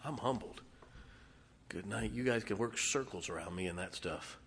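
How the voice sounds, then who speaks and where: A male pastor preaching a sermon in a folksy way, dropping to hushed tones and then rising to loud exclamations. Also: on the low side, normal speed, a little hiss or hum. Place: church sanctuary. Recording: long hall reverb.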